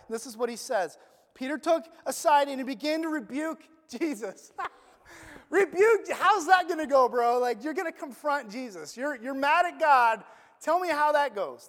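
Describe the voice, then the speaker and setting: A high-pitched preacher gives a sermon in a loose, conversational manner, tossing questions to the crowd and slipping into slang. The delivery swings from loud emphasis down to near-murmured lines. The voice rings with the long echo of a large hall. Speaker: pastor.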